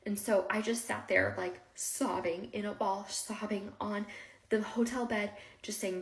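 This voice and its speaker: A woman's voice: mid-range voice, fairly quick, gravelly. A woman telling her own story with strong emotion, acting out what people said in raised voices. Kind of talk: personal storytelling. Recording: echoey room.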